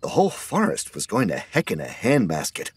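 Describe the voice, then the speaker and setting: A man narrating an audiobook horror story in a steady scripted reading. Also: deep voice, a little fast, slightly rough, dry recording.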